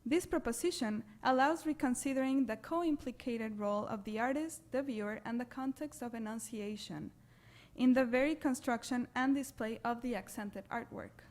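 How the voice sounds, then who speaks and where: A woman with a foreign accent, reading an academic presentation at a symposium in a measured, deliberate way. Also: a little high, darkish tone. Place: lecture hall.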